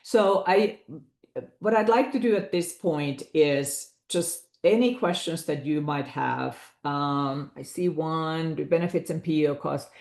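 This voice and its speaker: A woman's voice: low-pitched, gravelly, mellow, reverberant. A woman presenting a business valuation webinar, explaining figures in a conversational way with asides to her audience.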